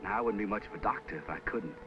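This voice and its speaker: A friendly Southern country doctor with a lowish voice and an unhurried folksy drawl, played by a man. He sounds good-humored and easygoing in the manner of an old 1950s TV western. The sound is dull and lo-fi, with music underneath. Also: close to an everyday voice. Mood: calm.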